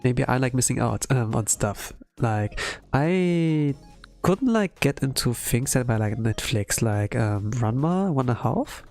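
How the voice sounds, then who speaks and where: A medium-pitched, expressive, slightly mellow voice belongs to an art streamer drawing live and chatting at a measured pace. He rambles casually with heavy use of "like" and "um," and faint music plays behind.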